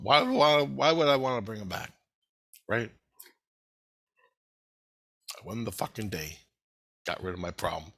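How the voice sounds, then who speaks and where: A man rambling through a profane, animated story about his spiritual experiences. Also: on the low side, vocal fry, slightly rough.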